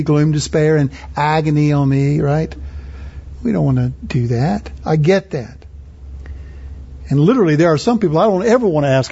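High-voiced husky male preacher. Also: unhurried, a little mellow. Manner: earnest and conversational, rising in pitch for emphasis. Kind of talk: sermon. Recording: muffled lo-fi recording.

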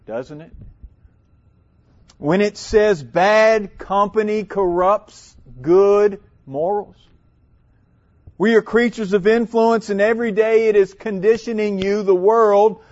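A man from South Louisiana, preaching a sermon with emphatic, drawn-out delivery and dramatic pauses. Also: high voice, dull audio.

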